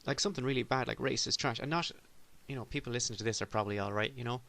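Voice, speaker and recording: A man's voice: mid-range voice, racing, fairly bright tone. A man from Ireland hosting a solo comedy podcast, rambling in a self-deprecating way with sudden exasperated outbursts. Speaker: podcast host.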